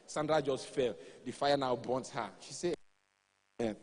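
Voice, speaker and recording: A man's voice: mid-range voice, moderate pace. A man with a Nigerian accent performing live stand-up comedy, telling stories and acting out dialogue. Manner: animated storytelling, acts out dialogue. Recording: reverberant live hall.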